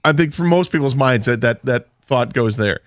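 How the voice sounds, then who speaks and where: A man's voice: mid-range voice, normal speed, no room sound, clean studio sound. A man co-hosting a radio show, retelling a story with emphatic quoted asides. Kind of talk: casual sports radio chat. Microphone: studio microphone.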